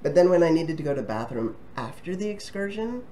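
A man's voice: on the high side, big pitch swings, fast, dark tone, a little hiss or hum. A man casually talking to camera as a travel vlogger, friendly and rambling, with frequent ums and restarts. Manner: friendly and chatty.

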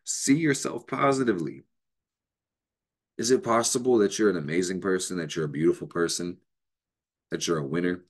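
Speaking quickly in a low voice, a man hosts an astrology show and delivers an off-the-cuff motivational talk. He's emphatic and swears freely, breaking into laughter in bursts.

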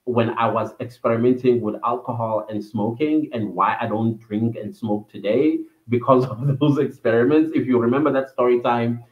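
Male vlogger telling a story, mid-pitched, rambling, tinny phone-like sound in an echoey room. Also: steady tone, normal speed, hardly any pauses. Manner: reminiscing, meandering with fillers. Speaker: vlogger hosting a livestream. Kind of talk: personal storytelling.

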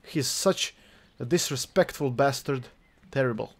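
A man's voice: mid-range voice, a little slow. A man casually commentating on his own gameplay, joking around, chuckling and throwing in mock-outraged swearing. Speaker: gaming channel host. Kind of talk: let's play commentary.

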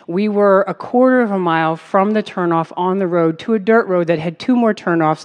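A woman activist telling a personal road-trip story on a music festival stage, animated, full of fillers and easy laughter. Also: fairly low pitch. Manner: animated, many fillers and likes, breaks into laughs. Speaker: activist speaker. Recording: long reverb of a big space.

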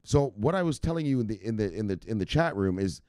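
Man, crypto news host, lively pitch swings, low voice, slangy casual talk. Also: fast, no room sound, studio quality. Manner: animated, slangy, shouts "bang" during shout-outs; explains step by step with repetitions.

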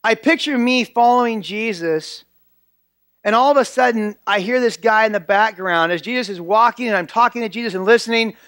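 High-voiced earnest male pastor preaching. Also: a little fast, fairly bright tone, no room sound, studio quality. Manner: earnest, repeats key phrases for emphasis. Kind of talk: sermon. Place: church.

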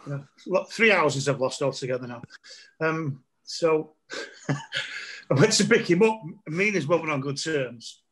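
A man's voice: on the high side, expressive, a little slow, a bit bright. A middle-aged man, a comedian telling funny stories in a casual chat, laughing often and acting out voices. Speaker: comedian guest.

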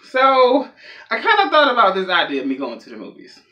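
A man's voice: very high voice, wildly swooping pitch, a little fast, highs cut off. A young man telling a rambling, self-mocking comedic story as a vlogger. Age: young adult.

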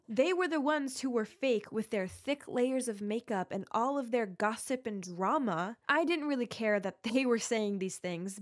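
A woman giving scripted first-person narration of an animated story in a confiding tone. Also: a little high.

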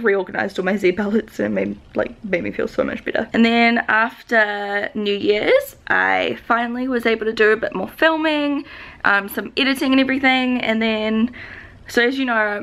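A woman's voice: mid-range voice, vocal fry, fairly bright tone. A young New Zealand woman with a New Zealand accent, rambling to the camera in a confessional vlog, upset and holding back tears, with many likes and restarts. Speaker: vlogger.

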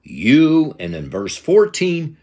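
Husky older man teaching the Bible. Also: on the high side, wildly swooping pitch, slow pace, a little mellow. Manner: emphatic preaching cadence with scripture quotes. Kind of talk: Bible lesson.

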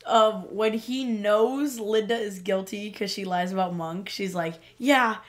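A woman's voice: medium pitch, steady tone, measured pace. Woman podcast co-host, casual recap. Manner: retells scenes, acting out quoted lines. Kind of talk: casual chat recapping TV episodes.

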